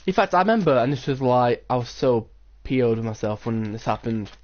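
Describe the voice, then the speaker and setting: A man's voice: mid-range voice, expressive, brisk, highs cut off. A teenage boy, chatting casually and rambling while playing a game, with many "like"s. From England. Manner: rambling, storytelling with lots of "like". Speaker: gaming channel host. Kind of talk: casual gameplay chat.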